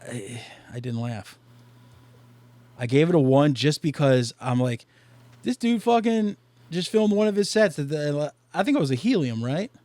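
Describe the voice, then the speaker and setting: A man's voice: on the high side, very animated, normal speed, a little mellow, dry recording. A man hosting a podcast in casual chat, talking loosely with lots of swearing and fillers. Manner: loose and profane, many fillers. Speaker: podcast host.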